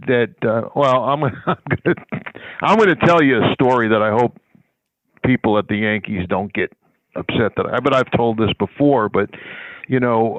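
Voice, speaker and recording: A man's voice: lowish voice, a bit bright, no echo. Older man telling a story over a tinny phone line. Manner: rambling storyteller who acts out the people in his stories. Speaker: sports public relations guest. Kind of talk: conversational anecdote telling.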